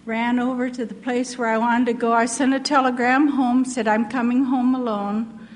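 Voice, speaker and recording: A woman's voice: a little high, flat delivery, normal speed. An older American woman, a missionary, earnestly telling her personal testimony as a story. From United States. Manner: earnest, heartfelt, laughs softly while telling. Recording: long hall reverb.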